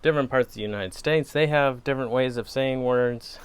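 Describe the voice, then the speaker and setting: Speaking fairly quickly with a medium pitch and a clear, resonant tone, a Wisconsin man chats on his pipe-smoking channel. It's a rambling, casual vlog full of digressions and self-directed laughter.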